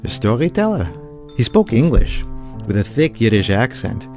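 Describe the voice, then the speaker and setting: A man with a low voice tells a true story in a measured, vivid way. He sounds like a practiced storyteller, and soft music plays faintly behind him. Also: animated. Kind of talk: spoken storytelling.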